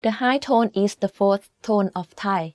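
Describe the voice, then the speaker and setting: A woman teaching a language lesson, explaining slowly and carefully and demonstrating sounds. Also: medium pitch, no room sound, clean studio sound.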